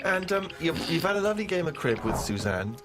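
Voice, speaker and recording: A middle-aged man co-hosting a comedy chat, wry and quick with dry questions. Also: a little high, sing-song, over music. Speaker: comedy podcast co-host.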